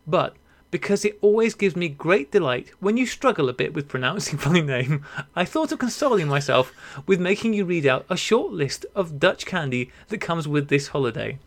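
A man with a higher voice and a gravelly edge hosts a laid-back podcast, reading listener mail aloud. He laughs often and stumbles through unfamiliar words. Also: very animated, moderate pace. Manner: giggly, laughs through mispronunciations. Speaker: podcast host. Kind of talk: casual chat reading listener emails.

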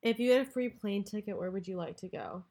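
A woman's voice: mid-range voice, dark tone. A young woman co-hosting a podcast, reading out questions and chatting casually. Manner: reads out questions, brisk and friendly. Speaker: podcast co-host. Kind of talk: casual chat.

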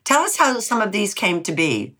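A woman's voice: mid-range voice, sing-song, moderate pace, bright, forceful tone. A woman hosting an interview, affirming and asking her guest questions. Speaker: interviewer, host.

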